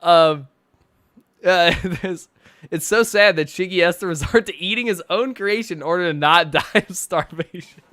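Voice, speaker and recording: A man's voice: sits high, moderate pace, sharp tone. A man streaming from his bedroom, reacting to posts with sarcastic, mocking commentary and frequent laughter.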